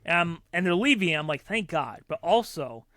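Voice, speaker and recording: A man co-hosting a podcast, telling animated stories in casual chat and acting out the people he quotes. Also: on the high side, moderate pace, dry recording, studio quality. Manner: animated storyteller who acts out loud quoted voices. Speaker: podcast co-host.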